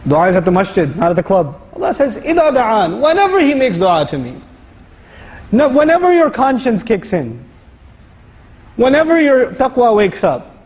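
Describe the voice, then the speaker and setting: A man giving a lively, conversational sermon-style lecture, reciting Arabic verses and explaining them. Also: very high voice, moderate pace, pauses often, long reverb tail, slight background noise, rough recording. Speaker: Islamic lecturer.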